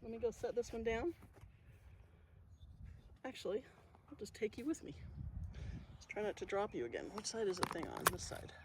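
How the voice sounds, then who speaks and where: A woman's voice: mid-range voice, very animated, moderate pace, long pauses. Woman talking to camera while she gardens; easygoing, muses aloud, light street noise in the background. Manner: chatty, thinking aloud, soft-spoken asides. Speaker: gardening vlogger. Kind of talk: casual narration while working. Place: outdoor garden. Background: passing traffic.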